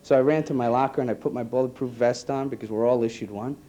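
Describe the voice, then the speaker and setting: A man, an EMT giving an earnest personal testimony to an audience, halting and repeating his words. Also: medium pitch, steady tone, mellow, a little hiss or hum. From New York. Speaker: EMT speaking to a conference.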